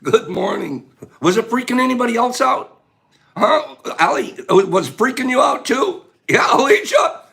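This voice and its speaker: A man's voice: very high voice, a little slow, creaky. A man hosting a casual live stream with a scratchy voice, greeting viewers, joking and breaking into laughter. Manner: animated, bursts of laughter and loud exclamations.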